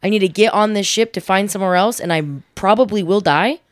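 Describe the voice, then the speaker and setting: A woman's voice: mid-range voice, fast talker, no room sound, clean studio sound. A young woman co-hosting a podcast in easygoing, teasing casual chat. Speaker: podcast co-host.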